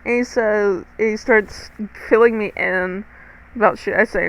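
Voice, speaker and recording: A woman's voice: mid-range voice, slow pace, a bit bright, poor audio. A teenage girl narrating a storytime to viewers, chatty and dramatic, swearing freely and talking straight to the audience. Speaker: storytime vlogger.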